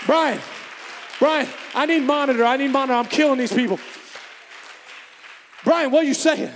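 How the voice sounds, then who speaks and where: A man preaching a fervent sermon, shouting and calling out to the congregation, in an echoey hall with a faint congregation behind. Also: very high voice, moderate pace, some chatter behind, slight background noise. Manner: fervent, shouting, call and response.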